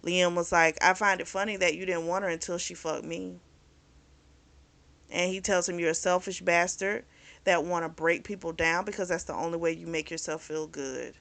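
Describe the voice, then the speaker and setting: A woman's voice: on the low side, fairly even intonation, moderate pace, gravelly, fairly bright tone. A woman host recapping and reviewing a novel in a casual, candid, chatty way, with frank opinions. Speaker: book review channel host.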